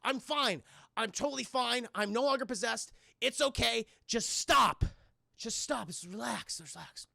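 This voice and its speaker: Man putting on a frantic horror-movie hero: high, gravelly, pleading. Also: expressive, measured pace, hardly any pauses, fairly bright tone, no room sound, clean studio sound, heavily acted.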